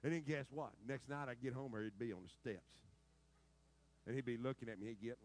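A middle-aged man preaching a sermon, telling stories dramatically and swinging between loud outbursts and quiet, low stretches. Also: fairly quick, poor audio. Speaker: pastor.

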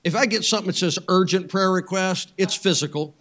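A man preaching a sermon, swinging between loud, urgent passages and hushed, soft ones, with folksy joking asides. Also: high voice, brisk. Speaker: pastor.

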